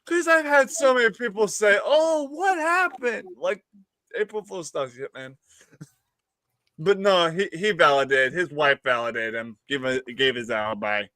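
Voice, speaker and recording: A man with a somewhat high voice rambles through a funny anecdote, laughing as he goes and slipping into quick impressions of the people in it. He sounds like a live-stream host chatting to his co-hosts. The recording is close and dry, with almost no room sound. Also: animated, pushed and bright, dry recording. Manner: rambling anecdote, laughs often, acts out others' lines. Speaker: podcast host. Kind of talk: casual chat, storytelling.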